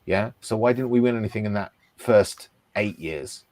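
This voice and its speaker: Emphatic ranting man, low voice. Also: normal speed, a little mellow. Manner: emphatic, ranting, keeps asking "okay?". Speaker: podcast host. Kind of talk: heated football talk.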